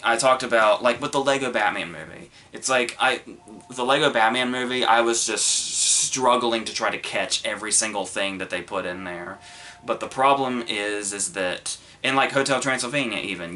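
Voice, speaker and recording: A man's voice: on the low side, bright, forceful tone. A man hosting a movie review podcast, talking casually and rambling, with many ums, restarts and curse words.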